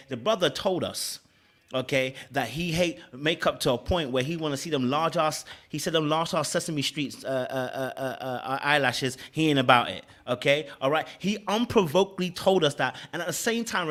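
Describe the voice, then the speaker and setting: A man casually reviewing a reality dating show, animated, laughing, and often checking in with "okay? all right?". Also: medium pitch.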